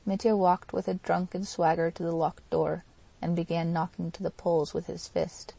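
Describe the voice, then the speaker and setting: A woman narrating an audiobook in a steady, even reading. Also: on the low side, moderate pace, vocal fry, no echo. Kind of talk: scripted narration.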